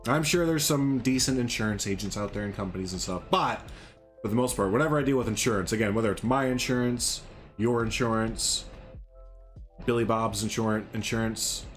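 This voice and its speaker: A man's voice: lowish voice, brisk, soft background music. A man hosting a casual gaming livestream, chatting in a rambling, sarcastic, joking way. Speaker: livestream host.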